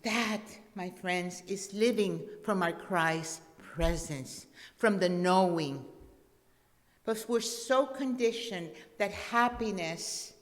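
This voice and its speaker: A woman guest minister giving a sermon, gentle and repeating her key points. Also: medium pitch, takes it slowly. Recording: long reverb in a church hall.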